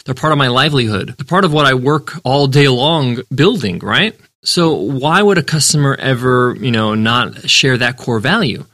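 A man's voice: medium pitch, moderate pace, hardly any pauses, a bit bright, dry recording, studio quality. A man hosting a business podcast, answering a listener's question in an earnest, emphatic way and repeating words for stress. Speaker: podcast host and business founder.

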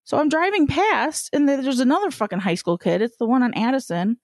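A woman's voice: high voice, fairly quick, a little mellow, dry recording, clean studio sound. A woman telling stories in casual conversation, acting out the people she quotes and laughing often. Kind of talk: casual chat, storytelling.

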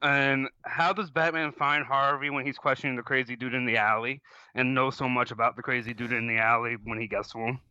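A man co-hosting a casual movie podcast, laughing often and filling pauses with "um". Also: mid-range voice, flat delivery, pushed and bright, clean tone, dull audio. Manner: laughs often, filler-heavy. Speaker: podcast co-host.

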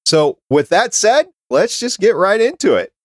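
A man's voice: high voice, big pitch swings, unhurried, a little hiss or hum. A man hosting a podcast in casual chat, reading out dates and lists in a talkative way. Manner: chatty, reads out dates and lists. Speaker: podcast host.

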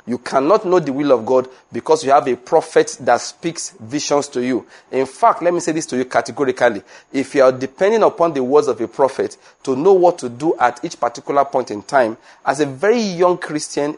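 Male preacher, mid-pitched voice, emphatic and repetitive sermon delivery that climbs when pressing a point. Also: animated, a little fast, few pauses, a little mellow.

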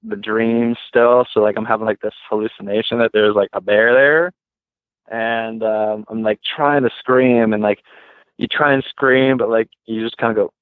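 A man talking as a guest, telling a story casually with many "like"s and lively retellings. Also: lowish voice, moderate pace, dry recording. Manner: heavy use of "like", lively retelling. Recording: tinny phone line, dry.

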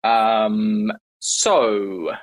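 A man's voice: lowish voice, fairly even intonation, extremely slow, low-quality recording. A man co-hosting a casual chat, joking and teasing as he plays along. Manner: joking, teasing, playfully scolding.

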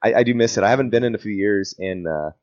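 A man's voice: on the low side, fast, a little mellow. A man being interviewed as a podcast guest in casual chat. He rambles, restarts his sentences and giggles often. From South Texas. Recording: dull lo-fi sound.

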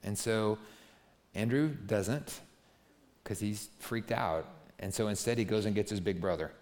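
A man's voice: on the low side, measured pace, darkish tone. A pastor giving a chatty, story-driven sermon who keeps checking in with the listeners and acts out the lines of the people in his story. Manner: conversational storytelling, keeps asking "right?", acts out quotes. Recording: long hall reverb.

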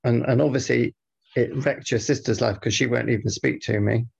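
Male co-host from the north of England, deadpan needling banter, raspy fry. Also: medium pitch, moderate pace. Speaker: podcast co-host. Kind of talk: comedy podcast banter. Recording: dull lo-fi sound.

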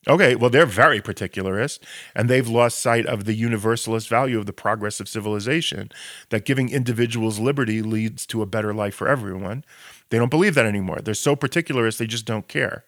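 A man's voice: lowish voice, quick pace, a bit bright, no room sound, clean studio sound. A man co-hosting a podcast discussion as an educator. He argues with passion, uses sarcastic rhetorical questions and often restarts his words as he builds a point. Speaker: Israel educator and podcast co-host.

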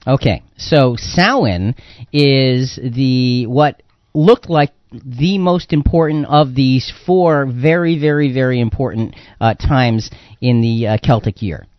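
A man's voice: medium pitch, takes it slowly, dry recording, muffled recording. A man hosting a Christian radio talk program in casual chat, rambling and repeating words with many fillers. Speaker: radio talk show host.

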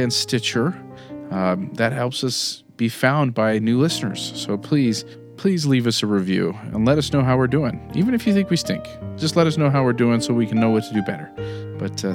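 A man hosting a podcast, reading a steady, friendly outro. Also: mid-range voice. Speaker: podcast host. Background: guitar music.

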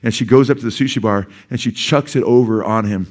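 A middle-aged male pastor preaching in a church, telling stories in a conversational, animated way with frequent asides to the congregation. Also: mid-range voice, fairly quick. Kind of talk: storytelling sermon.

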